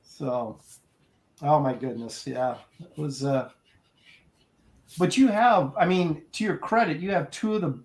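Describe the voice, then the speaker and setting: A man's voice: on the high side, measured pace, pauses often. A man with a slightly raised voice chats casually as a co-host. He tells long, winding stories and breaks into laughter often. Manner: laughs often, lively rambling storytelling. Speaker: artist co-host. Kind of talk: casual chat.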